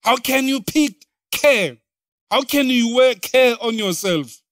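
A woman's voice: on the high side, animated, slow, no room sound, studio quality. A woman voicing a mocking negative inner voice that taunts and dismisses. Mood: taunting.

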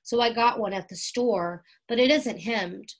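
A kind, eager older boy in a storybook, as a woman reading aloud puts him on. He sounds cheerful and proud, his voice lifting on the exciting bits of his news. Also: on the high side, measured pace. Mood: friendly.

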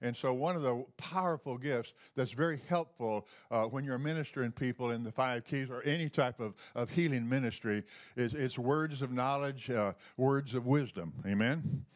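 A man's voice: mid-range voice, moderate pace, few pauses. A man giving a testimony sermon as a lay healing minister, telling folksy stories with chuckles and many fillers.

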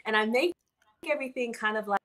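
Brief: bubbly woman host, higher voice, laughs through her sentences, cooking live. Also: fast talker. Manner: giggly, excitable, talks in restarts. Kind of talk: casual chat on a video call.

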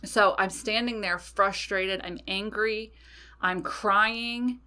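Bright-voiced woman telling a story. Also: mid-range voice, slow pace, clear, resonant tone. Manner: animated, swears freely, frequent fillers. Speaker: podcast host. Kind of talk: casual storytelling monologue.

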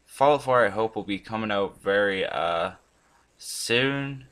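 A man talking slowly and loosely in casual commentary while he plays, his pitch rising and falling a lot. He rambles, swears freely and now and then bursts out loudly. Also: animated, clear, resonant tone. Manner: rambling, swears a lot, sudden loud outbursts. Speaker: gaming channel host.

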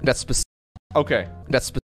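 A man's voice: normal speed, fairly bright tone, faint music behind. A man streaming, chatting and reacting to videos, talking things through and repeating himself as he wonders aloud.

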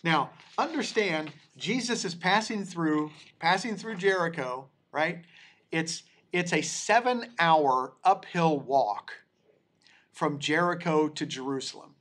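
A man teaching a church Bible study, his voice sitting a little higher than most men's. He reads scripture aloud at an unhurried, deliberate pace, then stops to explain it, often restarting his sentences as he goes. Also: lively intonation, fairly bright tone. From United States. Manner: slow and deliberate, with many restarts.

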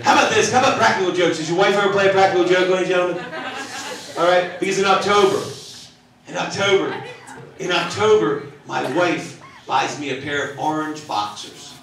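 A man's voice: sits high, fairly quick. A middle-aged man doing live stand-up on a theater stage, chatty and self-mocking as he teases the audience. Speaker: stand-up comedian. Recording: echoey theater from far off with laughing crowd. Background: audience laughter.

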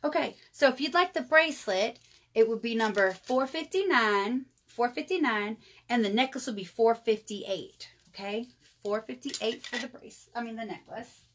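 A woman's voice: fairly high pitch, animated, moderate pace, fairly bright tone, slight background noise. Chatty woman selling jewelry live. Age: 30s. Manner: chatty, addresses viewers as y'all. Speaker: jewelry seller hosting a live sale. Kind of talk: casual live sales chat.

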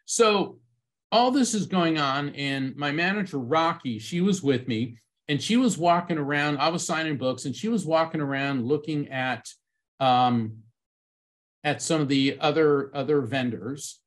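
Middle-aged guy giving a talk, storytelling, gets animated acting out voices. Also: on the high side, measured pace. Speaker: conference speaker, medium.

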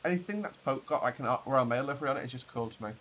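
A man's voice: medium pitch, racing, fairly bright tone, highs cut off, a little hiss or hum. Chatty man narrating a flight sim. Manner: chatty, rambling, laughs, restarts a lot. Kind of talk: casual gameplay commentary.

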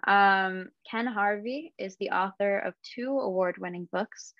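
A woman's voice: medium pitch, unhurried, no room sound. A woman hosts an online book launch, talking in a friendly, unscripted way with plenty of ums. The audio is dry and dull, like a lo-fi video call with no room sound. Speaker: event host.

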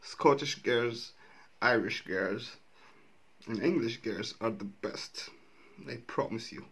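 A man's voice: mid-range voice, takes it slowly, fairly bright tone, husky. A man in his twenties from the Arab world, reacting to a comedy clip with laughing, amused asides. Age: 20s. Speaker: reaction video host. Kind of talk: casual reaction commentary.

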